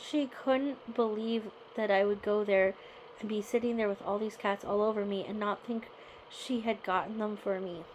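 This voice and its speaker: A woman's voice: medium pitch, steady tone, normal speed, darkish tone, a little hiss or hum, rough recording. A woman reading a memoir chapter aloud, then talking it over in a conversational way and often checking in with "right?". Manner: conversational, tags remarks with "right?". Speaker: host.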